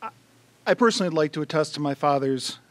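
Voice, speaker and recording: A man's voice: on the high side, lively intonation, fast, no room sound. A man thanking the earlier speakers at an awards event, hesitant and collecting himself. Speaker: honoree's son giving thanks.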